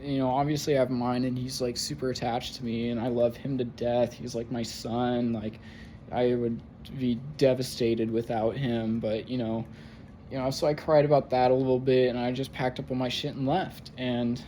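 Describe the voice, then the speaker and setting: A young man rambles through a personal vlog monologue in a mid-range voice, stumbling over fillers and swearing freely. His talk breaks now and then into strained, higher outbursts. A faint hiss of background noise sits under the recording. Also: dark tone. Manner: halting, full of fillers and profanity, rising to pained outbursts. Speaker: vlogger.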